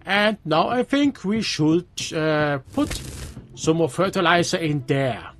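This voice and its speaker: A man with a Swiss German accent, a native Swiss German speaker, giving halting gameplay commentary in English with many restarts. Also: on the high side, expressive, fairly bright tone, a little hiss or hum. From Switzerland. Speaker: let's player.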